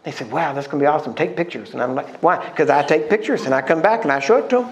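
A man's voice: fairly high pitch, expressive, very fast, a crowd in the background. A middle-aged man, a pastor, preaching a sermon in a conversational storytelling way, often asking his listeners questions.

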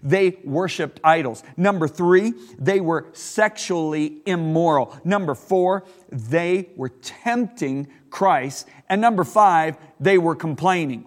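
A middle-aged preacher delivers his sermon with emphasis, stretching out the words that matter and leaping up in pitch when he is stirred. His voice sits a bit high for a man and rings with a long hall reverb. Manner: emphatic, slows for key words, bursts up in pitch when worked up.

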